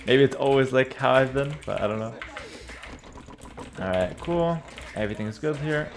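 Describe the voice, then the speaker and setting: A man talking through his own strategy match in a laid-back, chatty way, at a mid pitch for a male voice. He trips over his words, repeats phrases and slurs a little, yet stays confident and easygoing. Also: animated, normal speed, a little hiss or hum. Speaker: streamer playing a strategy game. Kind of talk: casual live gameplay commentary.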